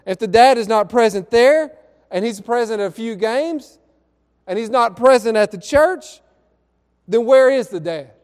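A man preaching a sermon, telling a story in an earnest way and drawing out key words slowly. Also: extremely high pitch, animated, smooth, long reverb tail. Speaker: pastor. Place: church sanctuary.

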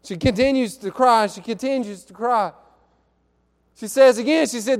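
Man, pastor preaching, earnest storytelling, high voice, long church reverb. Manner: earnest storytelling preaching, stretches key words slowly. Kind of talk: sermon. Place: church sanctuary.

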